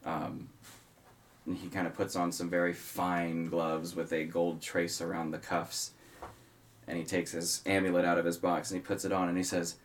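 A deep-voiced man acting as game master for a tabletop game. He narrates casually, rambling and filling gaps with ums and uhs. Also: flat delivery, normal speed, slight background noise. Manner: casual, rambling, lots of fillers.

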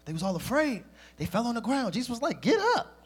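A man preaching a sermon, talking lively and directly to the congregation. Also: very high voice, fast talker, slightly rough.

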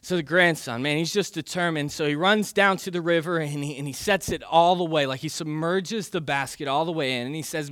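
A man preaches in a loose, chatty way that is full of casual fillers. His voice is bright and a little high for a man. The recording is dry and close. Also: brisk, no echo. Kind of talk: conversational sermon.

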